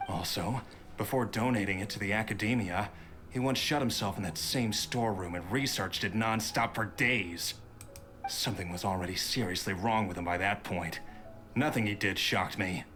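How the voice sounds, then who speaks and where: Guy doing a bitter greedy son in a game, lowish voice, grudging tone. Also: moderate pace, fairly bright tone, soft background music, close to an everyday voice. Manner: cold, grudging. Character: bitter adult son, scheming and resentful.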